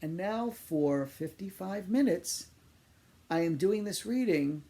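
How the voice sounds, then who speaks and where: Gravelly man telling funny stories. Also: high voice, slow pace. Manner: animated, self-deprecating, chatty. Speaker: psychic medium. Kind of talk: storytelling monologue to camera.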